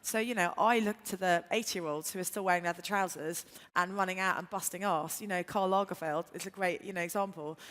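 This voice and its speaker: A woman with a slightly low voice speaks on a conference panel, enthusiastic and rambling with many fillers. The sound carries the long reverb of a large hall. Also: fairly quick, hardly any pauses, fairly bright tone. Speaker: panelist, entrepreneur. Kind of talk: conversational panel talk.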